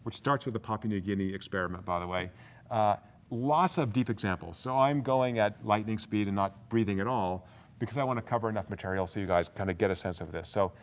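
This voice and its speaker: A man giving a university business lecture as a guest speaker, energetic and fast-talking, full of asides and rhetorical questions. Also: fairly low pitch.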